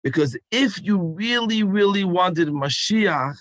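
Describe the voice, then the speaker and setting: A man's voice: fairly high pitch, lively intonation, unhurried, no room sound. A man giving an emphatic call-and-response talk to children at a rally. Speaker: speaker addressing children.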